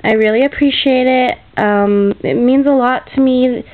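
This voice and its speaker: A woman's voice: high-pitched, moderate pace. Gushing, fillers-heavy woman on lo-fi video. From Canada. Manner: gushing, grateful, chatty with many fillers. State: emotional, near tears. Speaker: craft vlogger. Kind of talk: casual unboxing vlog. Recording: dull lo-fi home video audio.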